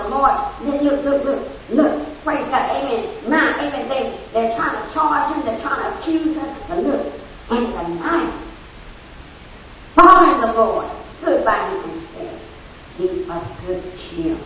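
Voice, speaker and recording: A woman pastor, reading scripture and exhorting her congregation with frequent interjections. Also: high-pitched. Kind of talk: preaching sermon. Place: large church sanctuary. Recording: distant, echoey, dull church recording with hiss.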